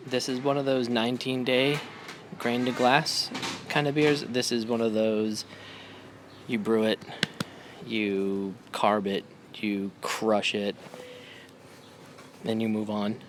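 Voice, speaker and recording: A man's voice: lowish voice, background noise. A man in his thirties, a homebrewing vlogger and dad, chatting casually in a loose, rambling, slightly tipsy way.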